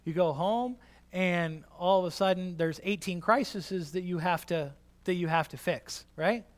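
Animated male preacher, higher voice. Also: a little slow. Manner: animated, repeats lines for the congregation; conversational, many restarts and asides. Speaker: pastor. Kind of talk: sermon.

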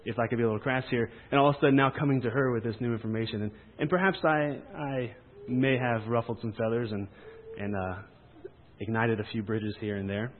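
A man's voice: mid-range voice, fairly even intonation, brisk, slight background noise. Man preaching, tinny and echoey. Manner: conversational, rambling, playful asides. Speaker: camp preacher. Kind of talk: sermon. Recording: tinny phone-like sound with long hall reverb.

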